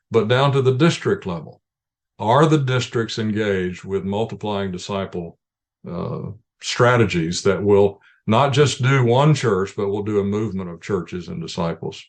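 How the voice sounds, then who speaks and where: Guy with a lowish voice talking missions in an interview, earnest, kinda circles back and restarts a lot. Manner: earnest, explanatory, frequent restarts. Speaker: ministry leader, interview guest. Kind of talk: conversational interview answers.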